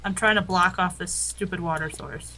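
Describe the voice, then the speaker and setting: A woman's voice: fairly low pitch, steady tone, moderate pace, pushed and bright, poor audio. A woman playing a co-op game with a partner, chatting casually and reacting to the game in a jumpy, playful way. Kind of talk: casual gameplay chat.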